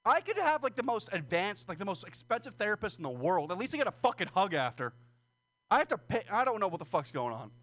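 A stand-up comedian on a small stage, his voice high and a bit bright, talks quickly with big pitch swings. His set is rambling, crude and self-deprecating, with nervous laughter between jokes.

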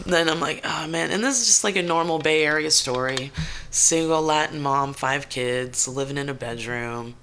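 Radio host, American woman, gravelly and sharp-toned, swears freely, acts out her stories. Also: low voice, moderate pace, slight background noise. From United States. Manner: animated, profane storytelling with acted-out quotes. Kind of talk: casual chat. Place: radio studio.

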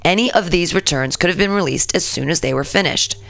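A woman's voice: fairly low pitch, a little fast, creaky, a bit bright. A woman hosting a radio show, ranting casually and profanely about politics and talking back to the news. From San Francisco area. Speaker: radio host.

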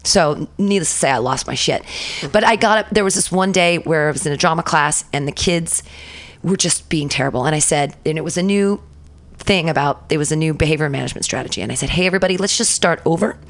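A woman telling a profane, animated story from her past as a guest in a casual interview. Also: low voice, fast talker.

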